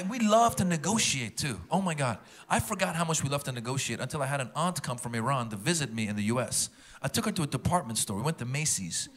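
A man performing a stand-up comedy set, animated and acting out the people in his stories. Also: fairly high pitch, a little hiss or hum. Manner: animated, acts out characters. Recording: live stage recording with a loud audience. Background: loud audience laughter.

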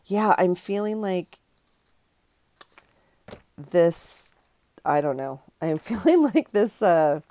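Low, gravelly-voiced woman chatting while crafting. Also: lively intonation, takes it slowly, long pauses, warm tone, no room sound. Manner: chatty, rambling, self-correcting, giggly. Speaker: craft channel host. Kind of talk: casual chat while crafting.

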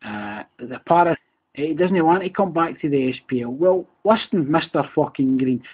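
Glaswegian guy few beers in, angry sweary rant, husky voice, tinny phone sound. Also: a little high, lively intonation, moderate pace. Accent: Scottish, Glaswegian. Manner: sweary, heated, repetitive. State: a bit drunk. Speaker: podcast host. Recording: tinny phone-quality recording.

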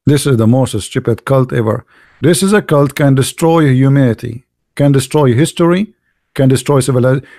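A man's voice: mid-range voice, brisk, warm tone, dry recording, clean studio sound. A man hosting a polemical monologue, mocking as he talks, asking rhetorical questions and repeating words for emphasis. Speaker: channel host.

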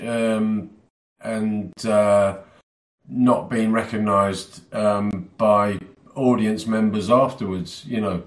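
A male musician, a guest in a casual chat, telling anecdotes in a halting, self-deprecating way. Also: on the low side. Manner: self-deprecating, halting with many fillers and restarts. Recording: echoey room sound.

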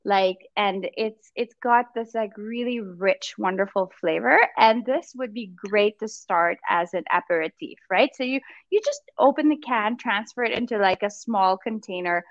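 A woman's voice: mid-range voice, moderate pace, hardly any pauses, no room sound, dull audio. A woman chatting casually and enthusiastically about food and a holiday gift hamper. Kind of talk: casual video-call chat.

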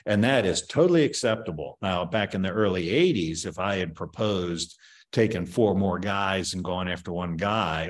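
An older man in his seventies talks with a fairly low voice. He is a martial arts master being interviewed. His opinionated answers ramble and are full of fillers and restarts. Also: animated, moderate pace.

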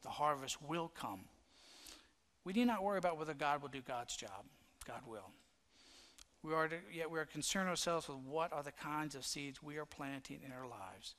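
A man's voice: on the high side, normal speed, a bit bright. A male pastor giving a sermon in a church, telling a story in an earnest, reflective way. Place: church sanctuary.

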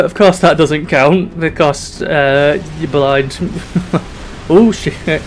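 This gaming YouTuber, a young man with a fairly high-pitched voice, speaks at an unhurried pace over a bit of background noise. His running commentary on the game he's playing is casual and full of swearing, chatty, and drifts from mock despair into giggles.

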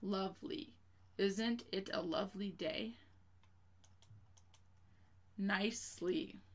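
Patient woman teacher, slow and steady, slightly gravelly, spells words out for kids. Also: mid-range voice. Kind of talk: spelling lesson for children.

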